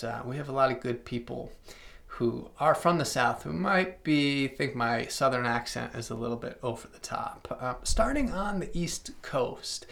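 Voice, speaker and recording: A young man hosting a podcast, chatting casually about travel spots with lots of fillers, quick asides and self-aware plugs. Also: medium pitch, gravelly, a bit bright. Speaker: podcast host.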